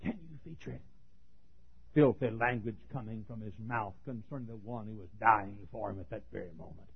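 A man preaching a sermon, swinging from ringing shouts down to near-hushed asides. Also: on the low side, moderate pace, vocal fry, slightly rough. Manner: builds to ringing shouts, then drops to a hush. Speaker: pastor. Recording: phone-like narrow band.

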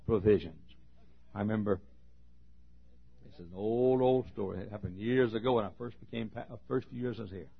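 A man preaching a sermon as a pastor, telling a story with emphatic swings between loud and hushed delivery. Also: lowish voice, vocal fry, slightly rough. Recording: dull lo-fi recording.

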